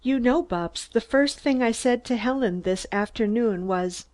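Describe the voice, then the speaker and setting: A woman's voice: a little high, unhurried, darkish tone, pitched above the performer's own voice, lightly acted. A woman voicing a spirited teasing young woman. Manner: teasing, lilting.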